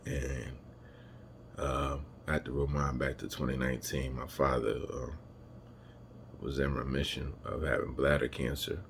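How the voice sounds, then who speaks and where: A man telling a personal family story to camera, emotional and halting as he searches for words. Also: rumbling low, little pitch movement, gravelly, slight background noise. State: emotional, holding back tears. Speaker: vlogger.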